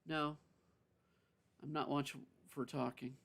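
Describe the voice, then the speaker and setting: A man voicing a shy, anxious young woman who speaks hesitantly and softly. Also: a little high, flat delivery, takes it slowly, gravelly, exaggerated voice. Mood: nervous. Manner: hesitant, soft.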